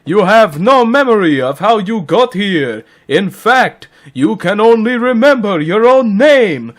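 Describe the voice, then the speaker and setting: A grand, pompous vampire count, hammed up by a man who stretches his words out in a booming, theatrical way. The voice sits noticeably higher than a normal speaking voice and carries a loud, showy edge. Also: animated. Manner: booming, drawn-out theatrical delivery.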